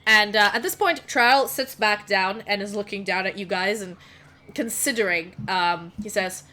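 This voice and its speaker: A woman runs a tabletop game session, describing scenes casually with lots of fillers and restarts. Her voice is bright and clear. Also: mid-range voice, moderate pace. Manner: rambling, filler-heavy, casual. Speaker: game master.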